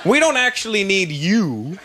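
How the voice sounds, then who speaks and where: A man's voice: high-pitched, big pitch swings, measured pace. A male stand-up comedian, brash and teasing the crowd, on a noisy live stage recording.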